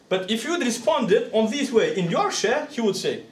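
A male scholar delivers a conversational lecture, his voice pitched high and swinging widely. He keeps checking in with the audience through rhetorical questions. The recording picks him up from across a reverberant room, with faint ambience behind him. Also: expressive, moderate pace, far from the mic, a little hiss or hum. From Uzbekistan. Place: lecture hall. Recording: echoey room, speaker away from the mic.

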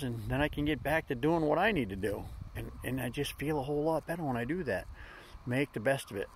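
A man's voice: a little high, a little hiss or hum. A middle-aged man hosting a daily vlog, giving folksy, upbeat motivational talk in plain slang. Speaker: vlog host.

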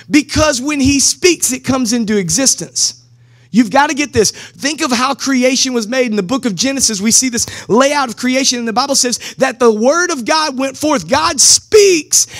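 A man preaching a sermon as pastor in a casual, energetic way, with slang and direct calls to the congregation. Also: very high-pitched, unhurried. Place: church service streamed live.

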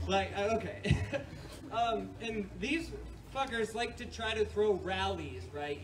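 A man from New York doing a rambling, profane stand-up set on a club stage, often laughing at his own jokes. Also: high-pitched. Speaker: stand-up comedian. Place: comedy club stage with audience. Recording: distant mic, noisy live room.

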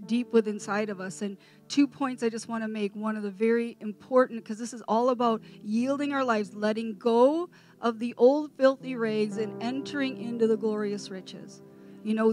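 A middle-aged woman preaching her testimony, impassioned, sometimes rising to near shouting. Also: mid-range voice. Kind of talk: testimony sermon. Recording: music playing behind.

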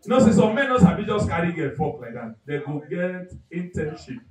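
A man with a Nigerian accent doing live stand-up comedy, animated and loud, acting out characters and shouting punchlines. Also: sits high, a little fast, roomy sound, distant mic, crowd noise, low-quality recording. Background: audience.

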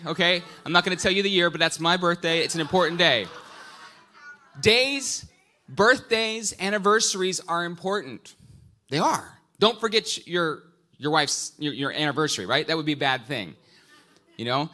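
A bright, forceful-voiced middle-aged man preaching a sermon. He sits a little high for a man and keeps quizzing his congregation in a lively, playful back-and-forth. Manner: prayerful, quiet and hushed when praying. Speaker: pastor. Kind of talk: sermon with audience interaction.

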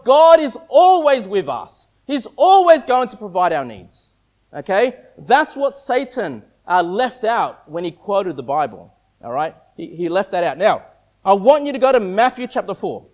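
Brief: higher-pitched male pastor, casual preaching style, keeps checking in with the congregation. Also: sing-song, normal speed, a little mellow. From Australia. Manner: conversational preaching, frequent "okay?" and "all right?" check-ins. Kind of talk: sermon.

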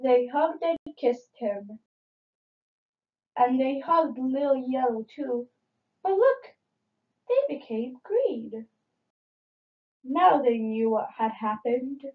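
A woman reading children's picture books aloud in an expressive, dramatic way, in a dull lo-fi recording. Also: high-pitched, slow, pauses often. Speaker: storybook reader.

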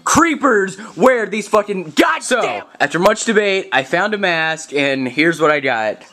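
A man's voice: high voice, big pitch swings, unhurried, pushed and bright. A man vlogging to camera, telling an exasperated, profanity-laden story as a gaming vlogger. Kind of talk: casual vlog rant to camera.

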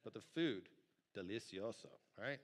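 Guy preaching in church, chatty and lively, keeps asking the crowd stuff. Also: medium pitch, a little slow, noisy background. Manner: lively, conversational preaching with audience asides. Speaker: pastor. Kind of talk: sermon. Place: church sanctuary.

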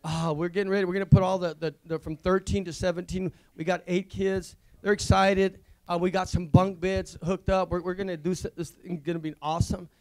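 A man, a visiting pastor, giving a rambling, excitable testimony at a church service, full of restarts. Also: high voice, fairly quick, hardly any pauses. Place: church sanctuary.

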